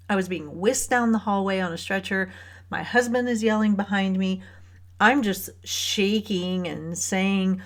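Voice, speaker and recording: A young adult woman hosting a Catholic reading show, telling a personal story in an earnest way with light laughs, then reflecting on faith. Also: on the low side. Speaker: host of a Catholic reading podcast.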